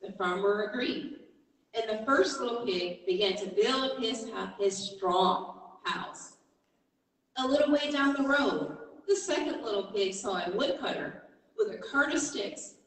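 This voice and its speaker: A woman preacher telling a story within a sermon, animated and emphatic. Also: a little high, a little slow. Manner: animated, emphatic, rising to exhortation. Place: church. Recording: echoey church hall from far off.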